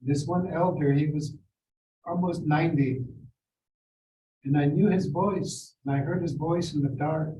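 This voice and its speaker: An older Seneca man telling personal stories at a community forum in a measured, reflective way. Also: on the high side, steady tone, dark tone, slight background noise. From Seneca Nation. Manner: measured, reflective, quotes people in acted voices. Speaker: forum speaker. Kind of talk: personal storytelling. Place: school district forum room. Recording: roomy, distant mic with faint ambience.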